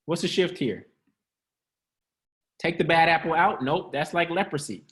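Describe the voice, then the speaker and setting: Playful high-voiced man preaching. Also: animated, measured pace, a bit bright. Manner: playful, laughs often, quizzes the audience; casual, slangy delivery. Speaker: host of an online church-style teaching. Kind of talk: upbeat motivational preaching.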